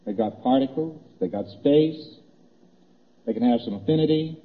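A medium-pitched man speaks at a moderate pace, giving a conversational lecture about graphs on a board. He tends to repeat points and act out little exchanges, recorded on tinny old tape in an echoey hall.

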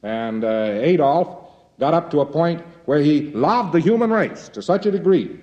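A man's voice: fairly high pitch, lively intonation, moderate pace, mellow, lo-fi sound. A man from the United States giving a lecture in a folksy, wry way with jokey asides.

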